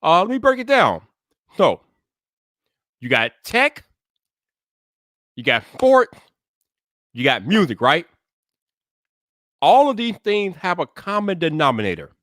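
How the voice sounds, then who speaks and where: A man hosting a live stream, greeting viewers by name in relaxed slangy casual chat. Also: high voice, slow pace, pauses often, no echo, studio quality.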